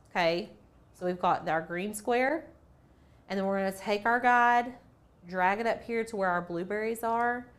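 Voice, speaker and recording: A woman hosts a relaxed craft tutorial, talking her way through each step. She is chatty and playful and thinks out loud. Her voice sits at an ordinary middle pitch. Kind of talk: casual screen-share tutorial.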